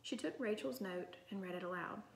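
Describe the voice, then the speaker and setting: A woman narrating a children's novel in an even storytelling manner. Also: mid-range voice, brisk, vocal fry. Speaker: audiobook reader. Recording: roomy echo.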